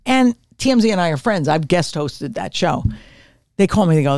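A woman in her sixties, a retired comedian and podcast guest, telling stories in a brash, profane, animated way. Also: lowish voice, moderate pace, dry recording, studio quality. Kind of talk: casual storytelling. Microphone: podcast mic on camera.

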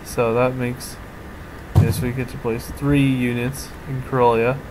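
Casual let's-play commentator, male, mid-pitched, hesitant think-aloud delivery, noisy home recording. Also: little pitch movement, measured pace, darkish tone. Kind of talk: casual strategy game commentary. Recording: audible background noise.

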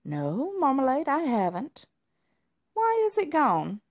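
A cheery male alley cat from a children's storybook with a high, squeaky voice , as a woman reader puts him on. He sounds friendly and concerned. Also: wildly swooping pitch, takes it slowly, exaggerated voice.

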